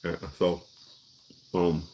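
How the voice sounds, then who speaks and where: Low-voiced man telling stories casually. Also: completely flat delivery, drawn-out words, mellow, a little hiss or hum. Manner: conversational, restarts and repeats words often. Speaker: actor. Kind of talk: casual storytelling monologue.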